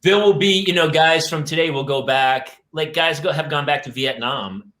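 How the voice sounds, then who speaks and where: A middle-aged man hosts a relaxed conversation with a bright, forceful, somewhat high voice. He tells animated stories and slips into impressions of his father. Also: moderate pace. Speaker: host. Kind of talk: casual chat.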